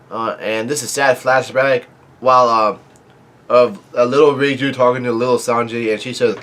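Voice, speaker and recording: A man's voice: mid-range voice, steady tone, moderate pace, a bit bright. A man casually recapping and reacting to a comic chapter, rambling with many fillers and restarts and coughing now and then. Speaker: manga reaction host.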